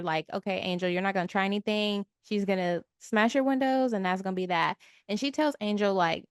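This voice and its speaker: A woman co-hosting a podcast, recapping a show in a relaxed, chatty way. She keeps jumping into the characters' lines with little put-on voices. The recording is close and dry, with no room sound. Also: mid-range voice, no room sound. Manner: animated retelling, acts out characters' lines in quick asides. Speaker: podcast co-host. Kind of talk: casual recap of a TV episode.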